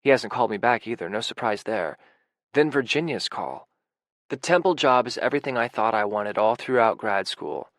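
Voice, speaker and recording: A male audiobook narrator with an average pitch, reading first-person prose in an intimate, emotional way. The recording is dry and close, with no room sound. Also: lively intonation, moderate pace, a bit bright, no echo. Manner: intimate and emotional, with anxious, racing passages.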